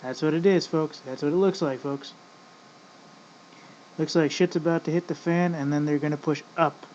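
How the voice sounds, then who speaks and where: A man's voice: fairly high pitch, fairly even intonation, normal speed, a little mellow. A man in casual ranting commentary, rambling and profane, often addressing "folks". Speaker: vlogger. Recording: dull lo-fi audio with faint noise.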